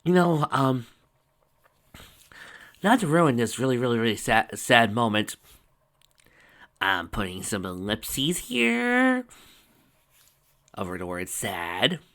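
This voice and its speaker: A man's voice: medium pitch, sing-song, slow, pauses often, fairly bright tone. A man casually reading a fan story aloud and breaking off for wry, rambling asides. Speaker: fanfiction reader and commentator.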